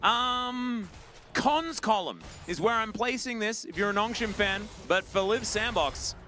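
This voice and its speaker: A man giving playful, excitable play-by-play commentary on an esports match, with game music underneath. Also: sits high, moderate pace. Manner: playful, hyped, jokey. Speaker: esports caster.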